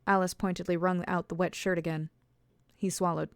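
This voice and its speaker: A woman, an author reading her own novel aloud in a measured, steady way. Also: fairly low pitch, gravelly, dry recording. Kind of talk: storybook narration.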